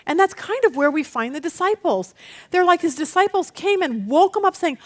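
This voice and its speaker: A middle-aged woman leads a women's Bible study in a high, bright-pitched voice that swings widely up and down. She acts out quotes with energy and doubles words as she launches into each thought. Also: lively intonation, fairly quick.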